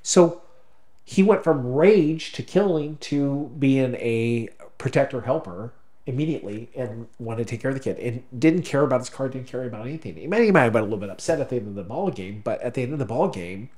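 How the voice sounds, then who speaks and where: A man co-hosting a podcast, telling a story in halting, emotional casual talk, choked up at times. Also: mid-range voice, lively intonation, darkish tone. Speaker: podcast co-host. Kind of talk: casual conversation.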